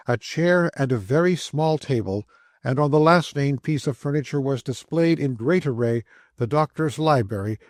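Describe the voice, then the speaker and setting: A man's voice: medium pitch, darkish tone, no room sound, clean studio sound. Man narrating a classic travelogue. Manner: measured, descriptive storytelling. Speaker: audiobook narrator. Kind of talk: scripted audiobook narration.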